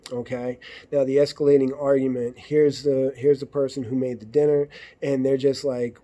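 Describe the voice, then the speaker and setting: A man's voice: medium pitch, fairly even intonation, moderate pace, mellow. A man hosting a podcast, talking in a blunt, profane, conversational way and acting out what arguing partners say. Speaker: podcast host. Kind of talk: casual monologue.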